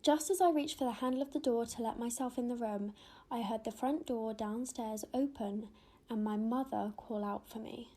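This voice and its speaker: A woman telling a spooky childhood story in a hushed voice that drops to a whisper. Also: a little high, normal speed.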